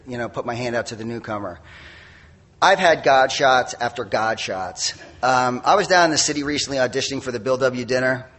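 A middle-aged man speaking at a recovery meeting, giving a candid, self-mocking personal testimony full of quick asides. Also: medium pitch, fairly bright tone.

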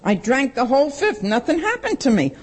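A woman's voice: high-pitched, big pitch swings, fairly quick, breathy edge. A woman, giving a blunt, plain-spoken personal testimony at a recovery meeting and acting out the voices of the people in her story. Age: 60s.

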